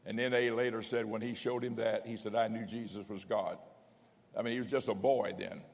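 A man's voice: medium pitch, level tone, fast, vocal fry. An older man, a bishop, preaching a folksy teaching sermon and reading scripture aloud with rising emphasis. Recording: long hall reverb.

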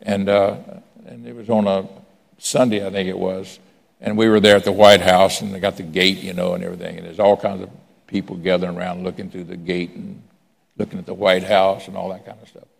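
A pastor preaches conversationally from the pulpit, telling stories and questioning the congregation, even asking for raised hands. His deep voice stays level with vocal fry, he talks a little fast, and a long reverb tail trails his words.

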